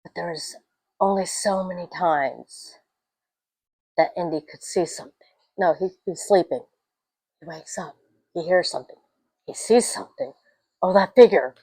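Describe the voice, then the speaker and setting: A young adult woman giving a casual, rambling film review, telling stories with animated swings and tangents. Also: lowish voice, moderate pace, pauses often, no room sound, rough recording.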